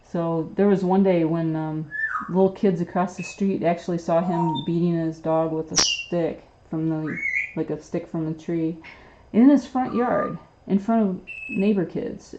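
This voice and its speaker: A woman's voice: lowish voice, highs cut off, background noise. A woman host casually telling a long story on a livestream, rambling with many fillers and restarts. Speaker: pet bird channel host.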